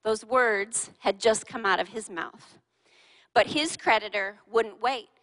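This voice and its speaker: A woman preaching a sermon to a congregation in a church hall. She speaks in an animated way, firing questions at her listeners and teasing them. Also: a little high, takes it slowly. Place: large church hall with a live and online congregation. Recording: long reverb of a large hall.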